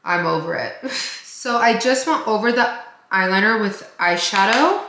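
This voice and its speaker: A woman's voice: mid-range voice, animated, moderate pace, reverberant, noisy background. A woman chatting casually while doing her makeup in a get-ready-with-me vlog, rambling with lots of fillers. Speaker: beauty vlogger.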